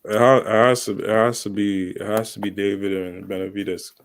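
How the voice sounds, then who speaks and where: A laid-back man with a lowish voice co-hosts a casual boxing chat, chiming in with frequent agreement. Clear background noise runs under his voice. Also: flat delivery, a little fast.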